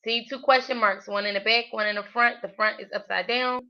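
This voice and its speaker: A woman's voice: on the high side, steady tone, fairly quick. A woman hosting a casual Spanish-learning livestream, chatty and full of fillers, often laughing at herself. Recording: dull lo-fi livestream audio.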